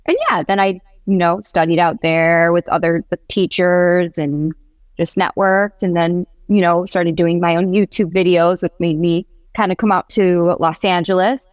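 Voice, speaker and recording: A woman's voice: lowish voice, fairly even intonation, moderate pace, clear, resonant tone, dry recording. A woman in her forties, a guest on a podcast, casually telling her story with easy fillers. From Western New York. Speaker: guest, actor and producer. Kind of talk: casual interview chat.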